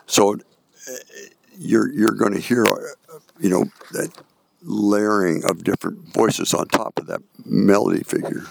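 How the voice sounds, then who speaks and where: A man coaching a band in rehearsal, singing rhythms with syllables and giving quick instructions. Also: fairly low pitch, creaky, no room sound. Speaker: band director. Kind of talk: rehearsal coaching with sung examples. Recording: music playing under the voice.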